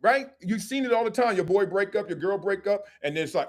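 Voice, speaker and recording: A middle-aged man hosting a live show, commenting on sports and culture in a joking, animated way and acting out quick skits. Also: high-pitched. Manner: animated and joking, slips into quick acted-out skits with different voices. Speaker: host.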